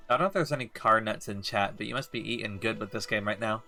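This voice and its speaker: A man's voice: lowish voice, fast talker, creaky, bright, forceful tone, soft background music. A young man streaming a game and chatting jokingly with his viewers. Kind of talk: casual gameplay commentary.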